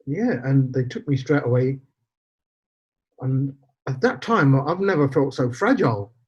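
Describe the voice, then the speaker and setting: Husky and animated, this mid-range voice belongs to a man in his forties taking his time as a podcast guest telling a personal story. He acts out quoted dialogue and drops in Punjabi phrases, captured in slightly dull lo-fi audio.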